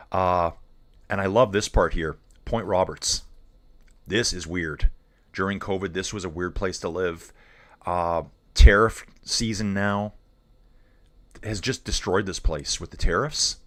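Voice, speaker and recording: Chatty man, low voice. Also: fairly bright tone. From Canada. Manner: rambling, chatty, keeps calling viewers dude and guys. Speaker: live stream cycling commentator. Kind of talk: casual live stream commentary reading chat.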